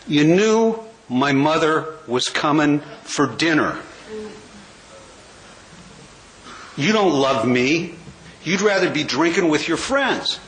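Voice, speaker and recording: A hurt wife accuses and pleads, as a man in his sixties plays her. The voice stays fairly high over a faint hiss. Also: expressive, measured pace, fairly bright tone, low-quality recording. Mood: accusing. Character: hurt angry wife, grown woman.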